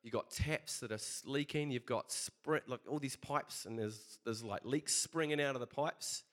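A man's voice: medium pitch, normal speed, fairly bright tone. A man preaching a casual sermon, chatty and conversational, telling a story with many fillers.

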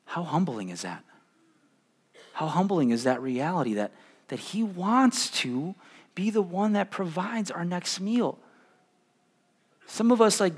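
A young man preaching a sermon as pastor, animated and stumbling over repeated words, swinging between loud and hushed. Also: medium pitch. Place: church hall. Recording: live in a reverberant church hall.

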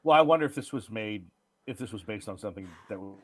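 A man co-hosting a podcast, chatting casually about bad movies and telling stories with lots of swearing and dark jokes. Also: on the low side, fast, a crowd in the background. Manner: animated storyteller, swears freely, dark jokes. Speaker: podcast co-host. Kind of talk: casual movie-review chat.

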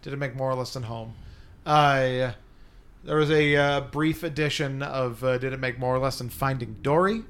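A man hosting a podcast in casual chat, explaining a game segment with many hesitant pauses. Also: medium pitch, a bit bright. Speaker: podcast host.

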